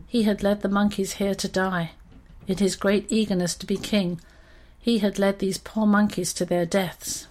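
A woman reading a children's story aloud in an expressive, steady storytelling manner. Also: medium pitch, moderate pace, few pauses.

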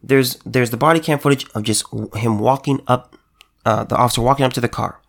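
Talking a little fast in a gravelly, mid-range voice with fairly even intonation, a male political commentator launches into a heated commentary. His delivery is emphatic and repetitive, full of restarted phrases.

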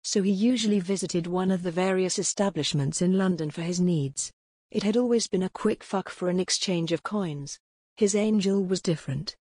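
A woman narrating a historical romance audiobook in a steady, even reading manner with a husky voice. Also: lowish voice, normal speed, no room sound, clean studio sound.

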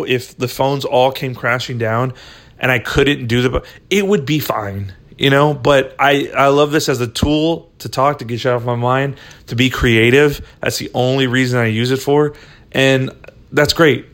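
A man hosting a solo podcast, rambling casually and swearing a lot as he talks into a phone. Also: mid-range voice. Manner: rambling, profane, laid-back. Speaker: podcast host.

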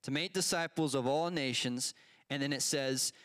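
A man's voice: medium pitch, normal speed, a bit bright, dry recording, studio quality. A man teaching a casual Bible lesson, asking his group questions and telling a personal story with many fillers.

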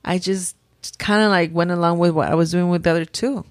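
Mom rambling about her kids, lowish voice, lots of restarts, dry close sound. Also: steady tone, a little fast, no room sound. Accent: mixes in Spanish words. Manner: chatty, rambling, with many restarts. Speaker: mother of three talking about her daughters. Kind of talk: casual chat.

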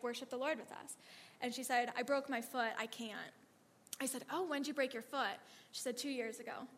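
A woman telling animated ministry stories to a church audience, laughing often and acting out the lines of the people in her stories. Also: on the high side. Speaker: speaker sharing ministry stories. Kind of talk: testimony storytelling to a church audience. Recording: long reverb of a hall.

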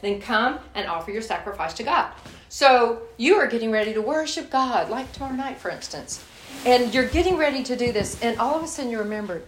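Speaking to a church group she calls y'all, a woman shares a personal story in a candid, folksy sermon. Her voice is on the high side, brisk and lively in intonation. The audio carries room echo and faint hiss.

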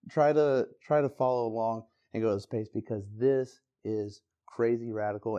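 A man preaching a casual, conversational Christmas sermon, acting out the people in the story with bursts of energy. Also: on the low side. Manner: animated, conversational, acts out quotes with bursts of energy. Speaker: pastor.

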